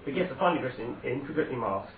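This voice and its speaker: A man's voice: mid-range voice, expressive, rapid-fire. Male game master, chatty narration with restarts, far from the mic, phone-like tone. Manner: conversational, with hesitations and self-corrections. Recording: echoey, distant, phone-like sound.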